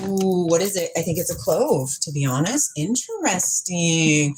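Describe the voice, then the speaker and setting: A woman in her forties hosts a livestream, her fairly low voice very animated at a moderate pace with few pauses over a noisy background. She chats in a rambling, dreamy, playful way and answers viewers' comments in the live chat.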